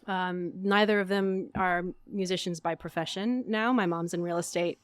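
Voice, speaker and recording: Woman from arizona, actress guest, chatty and upbeat, lowish voice, dry studio sound. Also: fairly even intonation, smooth, no echo. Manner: chatty, upbeat, quick to laugh at herself. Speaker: guest, stage actor. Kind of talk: casual interview chat.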